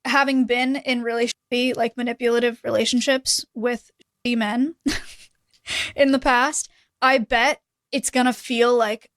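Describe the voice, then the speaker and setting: A woman's voice: fairly high pitch, fairly even intonation, measured pace, a bit bright, no echo. Sympathetic woman co-host, dry sound. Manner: sympathetic, laughs easily. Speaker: podcast co-host. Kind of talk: casual podcast chat.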